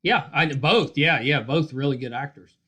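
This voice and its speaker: A man's voice: mid-range voice, normal speed, bright, forceful tone, husky. A man hosting a podcast interview, friendly and affirming, asking follow-up questions. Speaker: podcast host. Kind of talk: casual interview.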